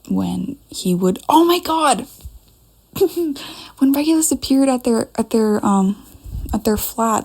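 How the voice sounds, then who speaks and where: A young woman chats to her camera in a casual, rambling way, jumping between thoughts and arguing with herself. Her voice has a gravelly fry and a mellow, dark tone. She is recording in a dim room at home. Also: on the low side. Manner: chatty, scattered, talks to herself. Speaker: fan fiction vlogger.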